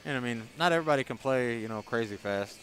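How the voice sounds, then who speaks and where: A man giving casual live commentary on a pool match, talking through shots in a relaxed, conversational way. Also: medium pitch, quick pace.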